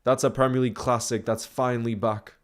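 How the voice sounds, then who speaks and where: A man hosting a live football watchalong stream, talking in a loose, chatty way. He rambles, trips over words and restarts often, at a mid-range pitch. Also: fairly even intonation, a little fast.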